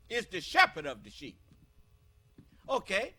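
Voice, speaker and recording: A high, bright-voiced American man preaches on scripture with an emphatic, questioning delivery. His pitch swings widely as he drives each point home, and he speaks slowly, leaning on his words. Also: very animated. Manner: emphatic, asks the listeners questions. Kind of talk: scripture teaching sermon.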